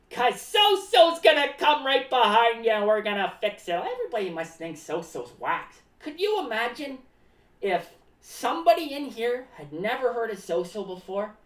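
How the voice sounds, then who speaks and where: Far from the mic in an echoey room, a woman with a medium-pitched, natural voice performs live as an eccentric, rambling clown. The character speaks of himself in the third person and is paranoid about cats.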